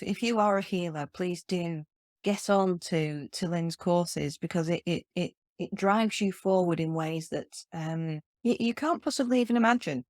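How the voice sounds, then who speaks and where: A woman hosting a relaxed interview chat in a fairly low voice. She talks earnestly and with a lot of feeling, and often restarts her sentences. Her sound is close and dry. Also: no room sound. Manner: earnest and effusive, with frequent restarts. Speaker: podcast host.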